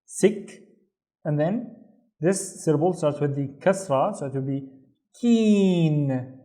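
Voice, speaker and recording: A man's voice: on the high side, moderate pace, dark tone. A man with a Saudi Arabic accent teaching a beginner lesson, explaining step by step and often checking in with "right?". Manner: patient, stepwise, checks in with "right?".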